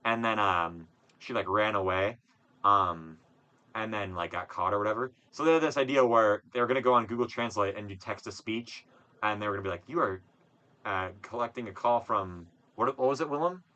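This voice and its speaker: A young man co-hosts a casual podcast, telling a rambling story full of fillers and swearing. His voice sits a bit low but sounds bright and forceful. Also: fairly quick, lo-fi sound. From Wisconsin. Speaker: podcast co-host. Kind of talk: casual chat.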